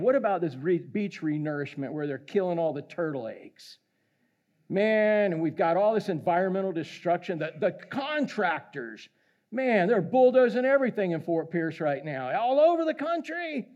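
A man's voice: a little high, a little mellow. A middle-aged man preaching a casual, conversational sermon, joking with and calling out people in the congregation. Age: middle-aged or older. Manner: conversational, jokey, calls out listeners. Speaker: pastor. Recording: dull lo-fi sound.

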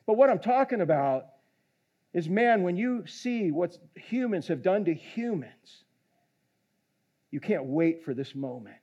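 A man preaching a sermon, animated, swinging from hushed lines to shouting and joking with the congregation. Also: high-pitched, measured pace, pauses often, breathy edge, lo-fi sound. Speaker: pastor.

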